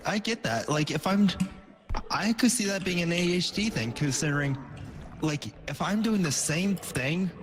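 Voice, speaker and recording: A man chatting casually on a gaming stream, blunt and swearing freely, speaking in quick bursts. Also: fairly high pitch. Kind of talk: casual chat. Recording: echoey room with faint noise.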